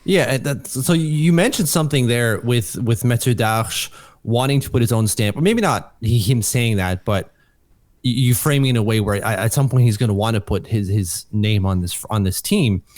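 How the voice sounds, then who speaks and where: A man co-hosting a hockey podcast, excitable and casual, often restarting his sentences and swearing now and then. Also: medium pitch, moderate pace, no room sound. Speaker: podcast co-host.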